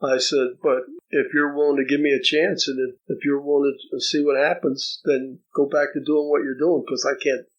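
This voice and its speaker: A man's voice: fairly high pitch, little pitch movement, moderate pace, few pauses, highs cut off. An older man from New Jersey, an interview guest telling a personal story in a reflective way, often repeating words as he starts sentences.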